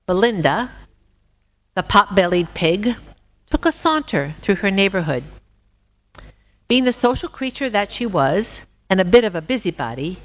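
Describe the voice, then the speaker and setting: Woman storyteller at a conference, animated pitch, tinny phone-like recording. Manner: expressive storytelling. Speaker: conference speaker. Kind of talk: reading a fable aloud.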